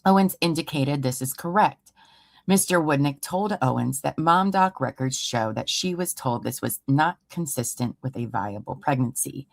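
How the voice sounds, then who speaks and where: Low-voiced woman hosting a true crime stream. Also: animated, normal speed, creaky, dry recording. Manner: sarcastic, exasperated asides. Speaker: true crime livestream host. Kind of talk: reading a report aloud with sarcastic commentary. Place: home room.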